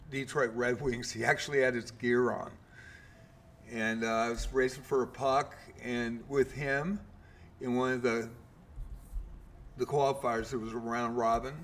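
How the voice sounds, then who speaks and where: A man's voice: medium pitch, a bit bright, slight background noise. A man in his fifties, a game streamer, casually telling a long story with lots of fillers and mild swearing.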